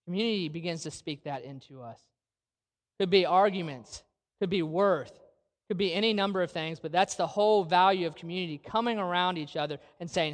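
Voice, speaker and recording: A man preaching a sermon to a church congregation, earnest and full of rhetorical questions, slowing down to stress key phrases. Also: high-pitched, fairly bright tone. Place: church sanctuary. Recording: long reverb of a large hall.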